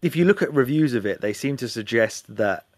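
Animated man on a dry podcast mic. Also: medium pitch, brisk, no room sound. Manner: animated, swears casually, rambling asides. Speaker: podcast co-host. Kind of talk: casual gaming podcast chat.

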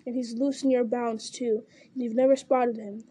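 A woman's voice: on the high side, little pitch movement, normal speed, mellow, slightly rough, dry recording. Woman voicing Gorbag, a sneering orc. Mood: mocking. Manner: sneering, mocking. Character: sneering male orc captain, mocking and suspicious.

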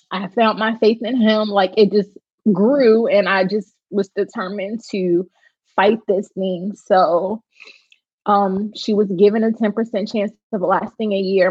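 A woman gives a personal testimony in a halting, emotional way, with lots of filler words between thoughts. Her voice sits in a middle range. The recording is dull and lo-fi, with a dry, close sound. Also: mid-range voice, slightly rough, dry recording. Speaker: bereaved mother telling her story.

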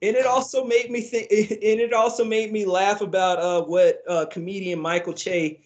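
A man with a high voice co-hosts a podcast in loose, casual chat. He rambles along with lots of fillers and restarts. His tone stays easygoing throughout. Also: flat delivery, normal speed, dull audio. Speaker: podcast co-host.

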